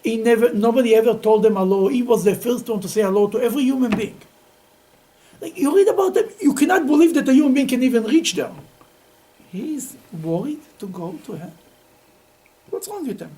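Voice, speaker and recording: A middle-aged man, a rabbi, teaching a Talmud class in an animated storytelling way, often laughing and repeating words. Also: very high voice, fairly quick, low-quality recording.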